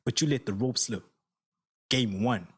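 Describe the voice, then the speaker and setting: Unhurried, with a mid-range and slightly rough voice, this sports reaction host rants furiously and profanely at his audience. He keeps hammering the same points while talking straight to his viewers.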